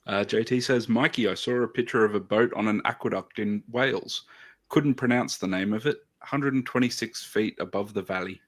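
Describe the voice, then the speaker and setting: A man's voice: on the low side, normal speed. A man co-hosting a hobby livestream, reading out viewer comments with frequent hesitant fillers. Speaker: livestream co-host. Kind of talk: casual chat. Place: home studio, on a video call.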